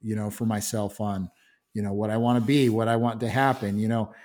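A man's voice: lowish voice, little pitch movement, a little fast, a little mellow. A man speaking as a guest in a casual interview, earnest, with frequent restarts and "you know".

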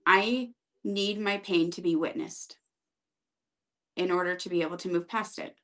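A woman guest on a podcast, speaking in an earnest, steady, reflective way. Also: lowish voice, a little slow. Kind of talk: casual interview chat.

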